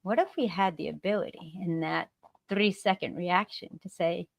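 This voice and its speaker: A woman from the United States giving an animated motivational talk as a guest on a live stream, shifting her tone to act out examples. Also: lowish voice, normal speed, gravelly, no echo. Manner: animated, acts out example remarks in varied tones. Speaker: guest speaker. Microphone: video call.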